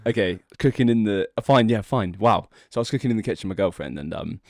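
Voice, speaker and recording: A man's voice: on the low side, animated, fast, a little mellow, no room sound, clean studio sound. A young adult man, a podcast co-host, casually telling a long, rambling joke story and laughing as he goes. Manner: rambling, laughs often, drags out the setup.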